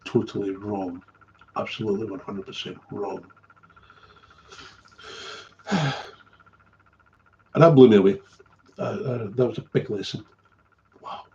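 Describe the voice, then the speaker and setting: A man's voice: on the low side, measured pace, long pauses, a little mellow, highs cut off, slight background noise. A middle-aged man, telling a candid story as a recovery sponsor, blunt and swearing freely, often trailing off and repeating himself.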